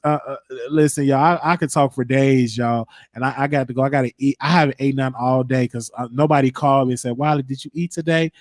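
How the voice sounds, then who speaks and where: A man's voice: on the high side, no room sound, studio quality. A man hosting his own show, chatting casually and rambling bluntly between topics, cussing freely. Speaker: show host. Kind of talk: casual livestream chat.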